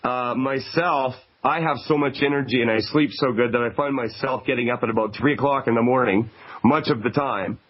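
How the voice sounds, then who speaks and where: Emphatic male radio host, lo-fi broadcast. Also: mid-range voice. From Canada. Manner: conversational, emphatic, repeats phone numbers slowly. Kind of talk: call-in radio talk.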